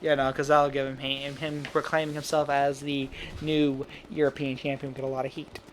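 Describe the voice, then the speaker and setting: A man casually talking through an imagined wrestling show, rambling with quick asides and laughing at his own jokes. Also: medium pitch, little pitch movement, slight background noise. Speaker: fantasy booking commentator. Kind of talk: casual solo commentary.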